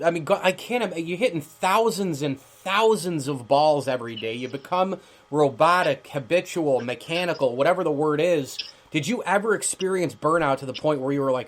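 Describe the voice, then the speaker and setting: A man hosting a sports talk show, asking long-winded questions and arguing his points in an animated way. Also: on the high side, normal speed. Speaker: radio show host. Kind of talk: casual sports talk interview.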